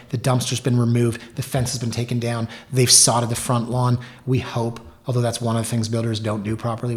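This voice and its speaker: Wry, animated man hosting a podcast. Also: medium pitch. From Canada. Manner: animated, wry storyteller with joking asides. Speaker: realtor and podcast host. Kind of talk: solo podcast talk with storytelling.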